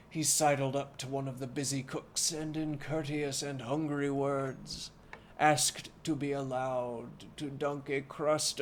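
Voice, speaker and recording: A man reading a classic novel aloud as a bedtime story on a live stream, unhurried and deliberate, with wry asides. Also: medium pitch, a little hiss or hum.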